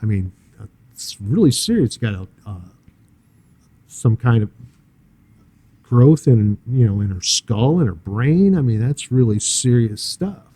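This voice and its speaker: An older man sharing a personal testimony in an interview, telling his story in an earnest, halting way with many fillers and restarts. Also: mid-range voice, animated, dark tone, slightly rough, dry recording. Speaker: church guest sharing a testimony.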